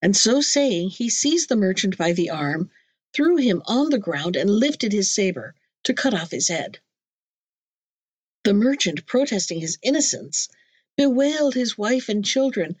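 A woman narrating a classic storybook in a measured, clear reading voice. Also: mid-range voice, big pitch swings, dry recording. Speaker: audiobook narrator.

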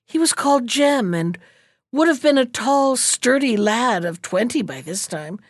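A woman's voice: on the high side, lively intonation, unhurried, no room sound, clean studio sound. A woman voicing a weary, aging cobbler complaining about his trade in a storybook reading. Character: older cobbler father, weary and gloomy.

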